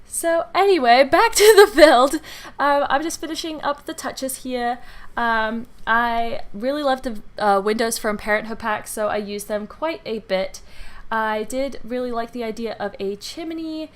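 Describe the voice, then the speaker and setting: A young woman with a smooth, clear voice talks to her viewers as a casual vlogger. She rambles chattily, with plenty of fillers and side remarks. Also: fairly high pitch, a little slow. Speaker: YouTube game builder. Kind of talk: casual storytelling over gameplay.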